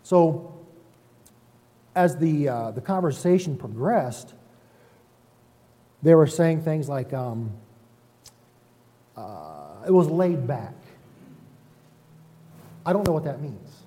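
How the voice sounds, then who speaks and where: A man who is a pastor, preaching a relaxed, conversational sermon in a folksy, self-deprecating way and often checking in with the congregation. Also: fairly high pitch, takes it slowly, long pauses. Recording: reverberant hall sound.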